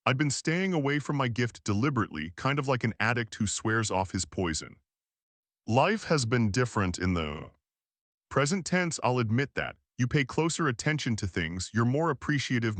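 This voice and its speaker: Give me a man reading a novel aloud, calm and steady, dry and close. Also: medium pitch, normal speed, no echo. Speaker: narrator. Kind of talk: audiobook narration.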